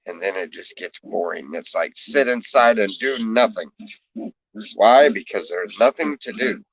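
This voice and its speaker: A man's voice: lively intonation, measured pace, husky. A man with a drawl talks casually about his homestead in a vlog. His voice sits in a middling register and is a bit dull and muffled. The room is dry, with no echo. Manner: talks to his piglets in a high coaxing voice. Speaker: homesteader vlogger.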